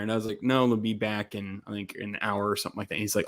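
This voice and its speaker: A man, a distillery co-founder from Texas, casually telling an animated story and acting out other people's lines. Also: fairly low pitch, brisk. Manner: animated, quotes others in lively voices.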